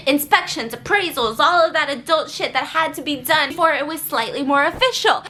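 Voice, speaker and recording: A woman's voice: high-pitched, slight background noise. A woman vlogger telling a story in a casual chat, laughing often and acting out what people said. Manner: animated, laughs often, acts out quotes.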